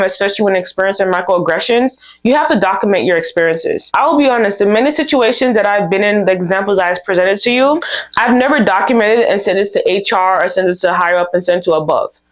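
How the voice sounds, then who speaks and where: Young woman vlog host, mid pitch, casual and candid, animated when quoting people. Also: quick pace. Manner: candid, animated storytelling with quoted dialogue. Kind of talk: casual advice talk to camera.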